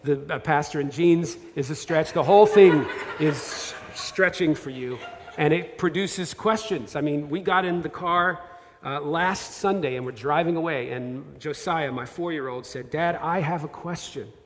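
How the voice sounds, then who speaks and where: A man's voice: fairly high pitch, a little slow, slight background noise. A man in his thirties, a pastor, preaching a conversational, self-deprecating sermon with asides and restarts. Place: church sanctuary. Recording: long hall reverb.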